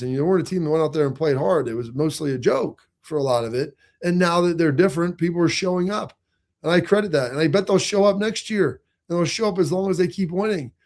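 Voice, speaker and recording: A man in his forties hosting a sports talk show, talking in an energetic, emphatic, conversational way. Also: on the high side. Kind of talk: casual sports talk commentary.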